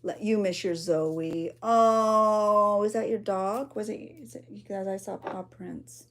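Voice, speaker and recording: A woman's voice: medium pitch, fairly even intonation, slow, a bit bright. Chatty woman hosting a crafting livestream. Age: adult with a child. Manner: chatty, reads viewer comments aloud, frequent gasps and exclamations. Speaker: junk journal creator hosting a livestream.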